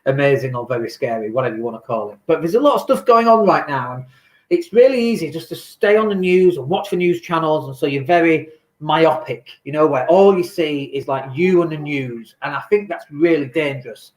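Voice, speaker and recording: A man's voice: on the high side, expressive, a little fast. Chatty man in an echoey room. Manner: chatty, rambling, reads viewer comments aloud. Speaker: property investor vlogger. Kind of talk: casual livestream talk. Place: home in lockdown.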